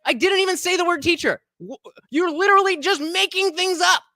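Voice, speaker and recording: A man streaming live, reading chat aloud and answering it with mocking sarcasm, sometimes bursting out loud and sometimes trailing off in mumbles. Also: extremely high pitch, fairly quick, no echo. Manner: swings from loud outbursts to mumbling.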